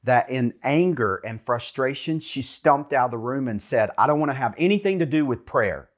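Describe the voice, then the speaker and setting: A man co-hosting a Christian talk show speaks in an expressive mid-range voice at a moderate pace. His delivery is earnest, encouraging and preacherly as the faith talk show chat unfolds.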